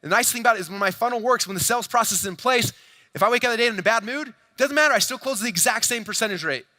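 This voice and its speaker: Energetic male convention keynote speaker in his 40s, rapid pitch-heavy delivery, high-pitched and punchy. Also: no room sound. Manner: fast, hyped, addresses crowd directly, acts out quoted dialogue. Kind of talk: energetic stage presentation. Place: large convention hall stage.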